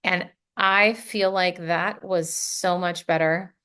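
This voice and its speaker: A middle-aged woman from the United States, a podcast guest telling stories in a casual, animated way, laughing often and acting out what people said. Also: lowish voice, slow pace, clear, resonant tone. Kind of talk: casual storytelling.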